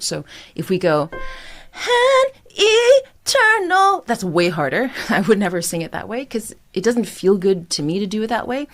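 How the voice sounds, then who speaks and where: A woman's voice: deep voice, darkish tone. A woman singing coach explaining vocal technique with enthusiasm and breaking into sung examples. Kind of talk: vocal lesson with sung demonstrations.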